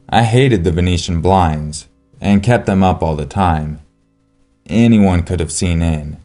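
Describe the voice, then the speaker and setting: A man giving a slow, solemn scripted narration of a true horror story. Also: low-pitched, dark tone.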